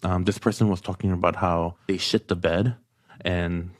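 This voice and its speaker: A man with a deep, low voice recounts a story in a halting way, filling nearly every pause with "like." The sound is dry and close, with no room around it. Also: steady tone, no echo. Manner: hesitant, heavy use of "like" fillers. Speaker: podcast guest. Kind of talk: casual storytelling.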